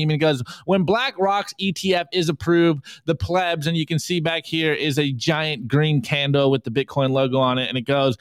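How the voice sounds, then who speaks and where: A man's voice: on the high side, dry recording. A man co-hosting a live podcast, running a casual meme review and joking as he reads the memes aloud. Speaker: podcast co-host.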